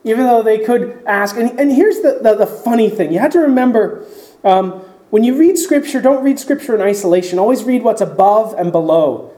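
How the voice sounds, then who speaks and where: A man's voice: sits high, normal speed, dark tone, reverberant, rough recording. A man preaching a sermon as pastor, explaining scripture and acting out the voices in the story.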